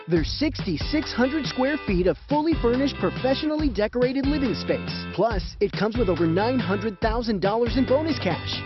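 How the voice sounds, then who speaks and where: Woman, radio ad read, upbeat, fairly high, music bed, dull lo-fi. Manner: upbeat promotional delivery. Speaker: ad voice-over.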